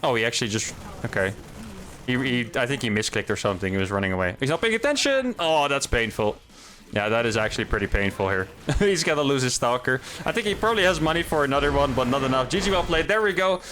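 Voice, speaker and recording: A man's voice: medium pitch, sing-song, fast talker, fairly bright tone, a little hiss or hum. A man casually commentating his own match as he plays, thinking aloud in a chatty, upbeat way. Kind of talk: casual live game commentary.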